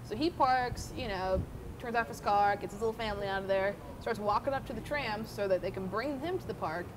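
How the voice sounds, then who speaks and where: A young woman talks straight to the camera, recounting a bad day at work with plenty of swearing. She keeps it animated and casual, in a voice of middling pitch. Steady noise runs underneath the recording. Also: a little fast. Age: young adult. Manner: profane, animated, swears freely. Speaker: former theme park worker telling her story. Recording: noisy background.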